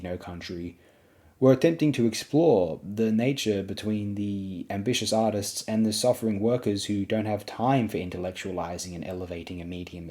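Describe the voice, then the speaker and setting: A man's voice: sits low, warm tone. A young man narrating a spoken film essay, emphatic and repeating words for stress.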